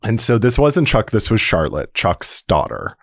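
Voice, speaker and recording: A man's voice: on the low side, sing-song, normal speed, dry recording, clean studio sound. A man co-hosting a podcast, telling a joking story in casual chat. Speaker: podcast co-host.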